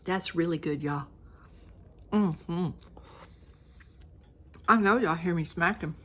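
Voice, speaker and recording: A woman's voice: fairly low pitch, slow pace. An older woman, chatting directly to viewers while cooking and tasting food in her home kitchen. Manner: chatty, talks straight to viewers, eats on camera. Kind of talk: casual cooking vlog.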